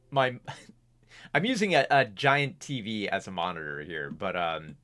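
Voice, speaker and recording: A man reviews movies in a loose, chatty way, often stopping to restart his sentences. His pitch moves up and down a lot as he talks. He records at home in front of a camera. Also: sharp tone. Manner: rambling, restarts sentences, laughs at himself. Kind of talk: casual spoken film review. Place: home recording setup with camera and big monitor.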